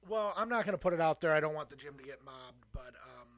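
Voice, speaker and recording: A man's voice: on the high side, expressive, fast, a bit bright. A man co-hosting a podcast, telling a rambling anecdote in casual chat. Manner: rambling anecdote with fillers and laughs. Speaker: podcast co-host.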